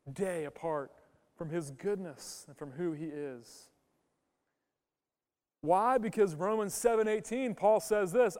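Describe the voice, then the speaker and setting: In a church sanctuary, a male pastor with a high, smooth voice preaches emphatically, repeatedly asking his congregation questions. A long reverb carries his words through the hall.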